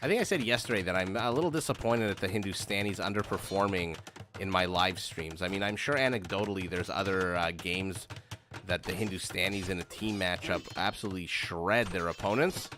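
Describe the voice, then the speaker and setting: A man's voice: deep voice, fairly quick, a bit bright. A man doing live play-by-play commentary on a strategy game match, chatting directly to his viewers. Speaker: game caster. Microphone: streaming microphone. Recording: noisy live stream recording.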